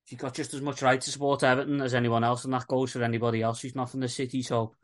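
A man's voice: medium pitch, little pitch movement, fast talker. A man hosting a casual football podcast, chatty and blunt, swearing freely. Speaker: podcast host.

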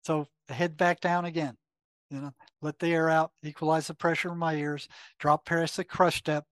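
With a fairly high pitch and a normal speaking speed, this older man, once a psychotherapist, is being interviewed and shares something from his own life. He acts out what an inner voice said, stumbling through restarts and frequent fillers, and there's no room sound at all.

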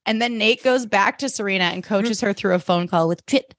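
A woman's voice: fairly quick, dry recording. A young woman co-hosting a podcast, chatting casually and acting out characters' lines with big jumps in voice. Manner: animated, acts out characters' lines with jumps in pitch. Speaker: podcast co-host. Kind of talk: casual recap chat.

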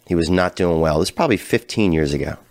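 A man hosting a casual talk show, telling a rambling, profane story that drifts from low mutters to loud hyped bursts. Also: quick pace, vocal fry, no room sound, clean studio sound. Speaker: podcast host.

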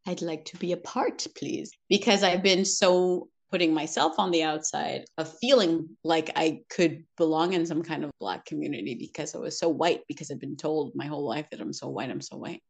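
Podcast guest, woman, lower register, earnest reflective storytelling with light laughs. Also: gravelly. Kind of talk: personal conversational storytelling.

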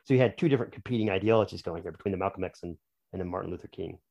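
A man's voice: sits low, rapid-fire, vocal fry, a little mellow. A man, an author and podcast guest, explaining his views at length in casual, opinionated conversation.

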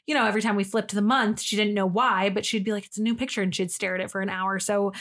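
A woman's voice: mid-range voice, level tone, fast, a bit bright. A young woman co-hosting a casual podcast, chatty and emotional, swearing freely as she tells a personal story. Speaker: podcast co-host. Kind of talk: casual chat.

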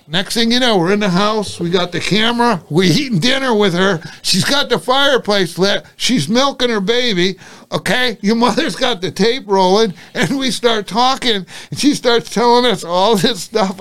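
A man's voice: sits high, fairly bright tone. An older man, a retired cop and private investigator, telling a story bluntly and salting it with curses. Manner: blunt, salty, acts out dialogue. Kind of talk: casual anecdote storytelling.

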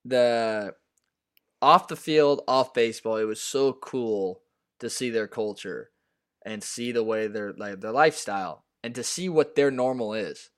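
Young man, smooth voice, halting casual talk. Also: mid-range voice. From US Pacific Northwest. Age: young adult. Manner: halting, full of fillers and restarts. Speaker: baseball player guest. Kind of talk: casual interview.

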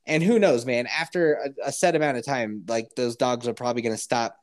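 A man's voice: medium pitch, fairly quick. A man telling a comic story on a podcast in casual, profane chat, acting out everyone's reactions as he goes. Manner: animated, profane, acts out others' reactions.

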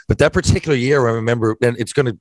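Man, from Newfoundland, casual chat, chiming in, middle pitch, dry sound. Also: racing, dry recording. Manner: prompting, chiming in with short remarks.

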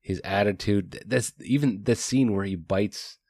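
A man's voice: lowish voice, moderate pace, a little mellow, no echo. A man co-hosting a casual book discussion, rambling with many fillers and restarts. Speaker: podcast co-host.

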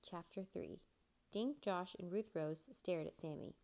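A woman narrating a children's chapter book aloud at a steady pace. Her voice sits low and has a gravelly edge. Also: a little slow.

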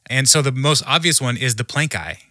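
A man speaking as a podcast guest who tells stories in an animated way and laughs often. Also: mid-range voice, a little fast, no echo, clean studio sound. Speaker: podcast guest, humor researcher. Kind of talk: conversational storytelling.

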